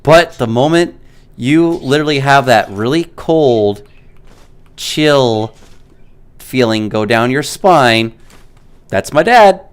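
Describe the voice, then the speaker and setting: Smooth-voiced man telling animated stories. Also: medium pitch, slow. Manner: animated storyteller, many "like" fillers. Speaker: gaming streamer. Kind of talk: casual storytelling while streaming.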